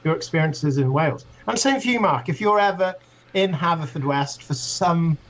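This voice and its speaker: A man's voice: on the high side, animated, moderate pace, a bit bright, dull audio. A man being interviewed as a guest author, friendly and enthusiastic. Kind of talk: radio interview.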